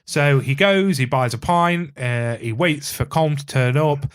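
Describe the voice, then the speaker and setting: A man's voice: fairly high pitch, unhurried, clear, resonant tone. A man co-hosting a podcast, chatting casually about a film, swearing now and then and acting out bits of dialogue. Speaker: podcast co-host.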